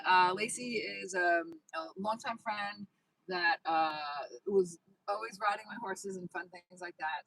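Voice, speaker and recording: A woman's voice: mid-range voice, fairly bright tone, husky, dry recording, low-quality recording. A woman host chatting casually on a phone livestream outdoors by a horse paddock, upbeat and reading out viewer comments. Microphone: phone held in hand.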